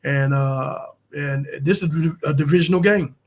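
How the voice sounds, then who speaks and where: A man co-hosting a sports podcast, giving casual analysis in a thoughtful, halting way with many fillers. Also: on the high side. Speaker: podcast co-host.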